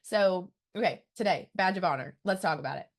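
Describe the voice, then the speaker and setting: A woman in her thirties hosts her own podcast in a casual solo monologue. Her voice sits a little low, and she sounds eager and sincere, talking warmly and freely to her audience. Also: a little fast. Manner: enthusiastic, earnest and chatty. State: emotional, close to tears. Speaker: podcast host.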